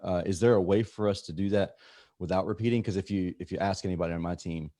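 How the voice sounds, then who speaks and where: A man hosting a podcast, asking a question in a halting way, often searching for his words. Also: sits low, steady tone, warm tone, dry recording, studio quality. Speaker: podcast host. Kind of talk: casual interview talk.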